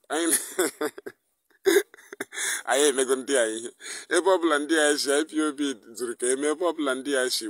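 A Nigerian-accented activist hosts a live online broadcast, blending English with Igbo as he fires off angry, mocking rhetorical questions. His voice is medium-pitched and the recording dry.

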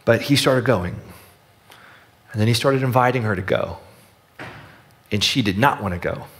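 A man preaching a sermon as pastor, telling a story earnestly and dropping his voice softly on the key lines. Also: on the low side, moderate pace.

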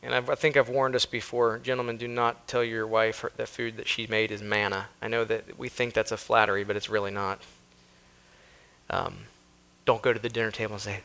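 A man's voice: lowish voice, steady tone, a little fast, vocal fry, bright, forceful tone. An American man, a pastor preaching a sermon with emphasis, reading scripture aloud and acting out the people in the story. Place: church sanctuary.

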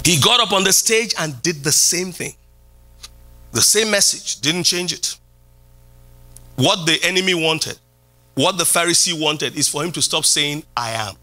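Lively, bright-voiced preaching pastor man. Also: a little slow, pauses often. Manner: preaching with sweeping pitch jumps and repeated phrases. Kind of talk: sermon. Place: church hall.

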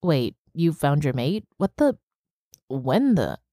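Rowdy excitable young buddy, high and quick, read by a woman. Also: dry recording, clean studio sound, exaggerated voice. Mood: incredulous.

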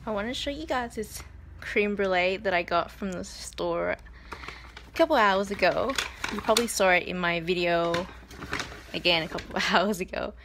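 A young woman chatting excitedly in a casual travel vlog, telling stories and swearing now and then, filmed on a handheld phone. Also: on the low side, moderate pace, noisy background. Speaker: vlogger. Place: out and about, shops and hotel room. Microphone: handheld phone camera.

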